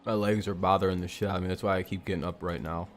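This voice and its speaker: A rambling, foul-mouthed man talking loosely through a live watch-along stream. His voice sits a little low and relaxed, and he jokes and grumbles as he goes. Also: very fast, slight background noise. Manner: rambling, profane, jokey. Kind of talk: casual live-stream chat over a game.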